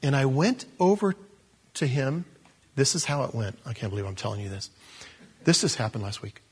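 Husky-voiced man teaching the Bible casually. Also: medium pitch, big pitch swings, normal speed. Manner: chatty and storytelling, with frequent restarts and sarcastic asides. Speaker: pastor.

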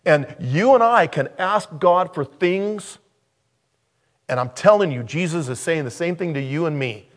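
Male pastor, slightly high voice, emphatic sermon delivery with repeated phrases. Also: expressive, a little slow.

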